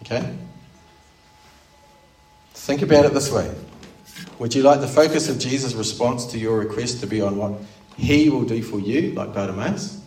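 Speaking at a normal speed with long pauses, a pastor with a mid-range, somewhat mellow voice delivers an earnest, explanatory sermon full of rhetorical questions. The distant mic placement leaves his words reverberating in a roomy hall.

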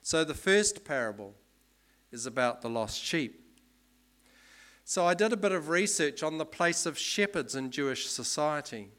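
A man giving a sermon in a relaxed, explanatory way, with many ums and restarts. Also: fairly high pitch, a little slow. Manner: conversational, explanatory, with fillers. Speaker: preacher.

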